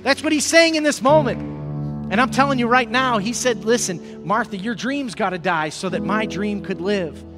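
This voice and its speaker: A man preaching with fervor, his voice sitting unusually high for a man. He swings between loud, ringing declarations and quiet, close appeals. Music plays steadily beneath his words. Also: moderate pace. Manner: impassioned preaching, swells loud then drops soft. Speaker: pastor. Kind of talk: sermon.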